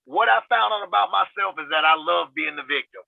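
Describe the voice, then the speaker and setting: A man's voice: high voice, a little fast, creaky, no echo. A man giving an earnest, emphatic testimony on a talk show, repeating phrases for weight over a video call. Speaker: guest sharing recovery testimony. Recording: tinny video-call audio.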